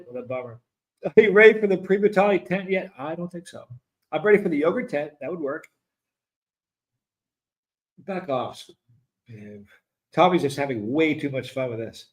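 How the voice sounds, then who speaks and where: A man with a high, light voice chats through a live stream, reading viewer comments aloud. He breaks into laughter again and again and sounds delighted by the jokes. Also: animated, normal speed, long pauses. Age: 50s. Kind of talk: casual live-stream chat.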